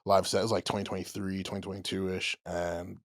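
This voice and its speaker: A man's voice: low-pitched, level tone, a little fast. A man in his thirties hosting a casual podcast chat. He talks in loose slang and often stammers and repeats his words. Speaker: podcast host.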